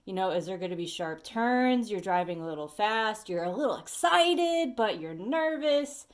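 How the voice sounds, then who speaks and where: A woman at home giving a casual tarot reading to her viewers, chatty and animated, talking straight to the listener. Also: medium pitch, normal speed. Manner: sings snatches of songs and talks to bugs. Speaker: tarot reader. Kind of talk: casual weekly energy reading.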